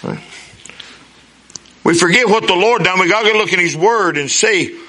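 A pastor in his sixties preaches a sermon in a folksy call-and-response style. His voice is bright and sits fairly high for a man. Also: normal speed.

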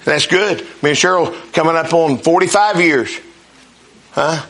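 Preaching in a folksy, call-and-response style, this sixty-something pastor speaks a little slowly. His voice is bright and rather high for a man.

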